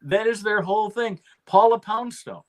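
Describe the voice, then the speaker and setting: A man's voice: high-pitched, animated, moderate pace. An older man hosting a casual chat about comedy and sports, rambling and laughing between his stories. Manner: rambling, frequent restarts, laughs often. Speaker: podcast host.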